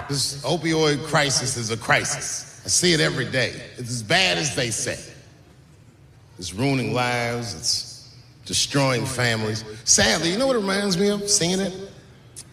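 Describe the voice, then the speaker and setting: A man's voice: mid-range voice, expressive, noisy background. A man doing stand-up comedy, telling stories and acting out other people's voices, stretching his punchlines. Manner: storytelling with acted-out voices, drawn-out punchlines. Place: comedy stage before a live audience. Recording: echoey live venue with audience.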